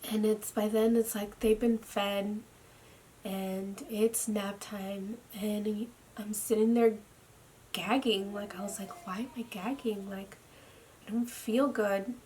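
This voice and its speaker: A tired young woman speaking a personal video diary at home into her camera. She talks haltingly, with lots of "like," and often drops into a near whisper. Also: medium pitch, steady tone, a little hiss or hum. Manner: slow, halting, with frequent "like" fillers and soft, near-whispered stretches. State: tired and drained. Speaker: vlogger. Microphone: camera mic.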